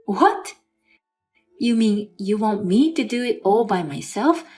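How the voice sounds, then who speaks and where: A woman's voice: mid-range voice, expressive, normal speed, darkish tone, soft background music, lightly acted. A woman voicing an injured young wife who is fed up with her husband and mother-in-law. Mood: indignant. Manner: indignant, sarcastic.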